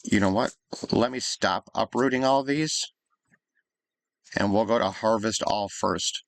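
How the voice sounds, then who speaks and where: A man's voice: lowish voice, unhurried, creaky, no room sound. A man casually commenting on his life-sim gameplay, thinking aloud in an easygoing, chatty way. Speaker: gaming YouTuber.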